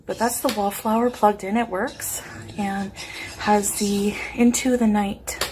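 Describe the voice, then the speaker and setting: A woman's voice: medium pitch, fairly even intonation, a little slow, noisy background. A woman vlogger who is out of breath and a bit wheezy, rambling casually through a show-and-tell with many fillers.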